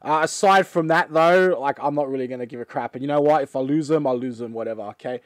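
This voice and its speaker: An Australian man hosting his gaming channel, chatting casually with lots of fillers and excited outbursts. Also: mid-range voice, fast talker, no room sound. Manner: rambling, filler-heavy and excitable. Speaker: channel host. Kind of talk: casual chat reacting to a game trailer.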